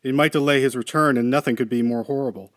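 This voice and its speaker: A man reading a short story aloud in a measured, steady narration. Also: mid-range voice, no echo, studio quality. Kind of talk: scripted narration.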